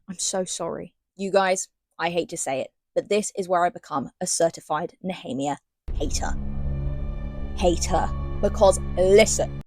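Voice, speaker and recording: In a fairly low voice on a dry recording, a woman delivers a sarcastic, slang-heavy casual book review, alternating rants with passages she reads aloud.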